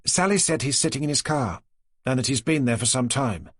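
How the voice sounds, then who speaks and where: A man reading an audiobook, voicing a brisk, helpful young woman officer with a husky tone, reporting in a businesslike way. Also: mid-range voice, animated, no echo, clean studio sound, voice pushed up, lightly acted.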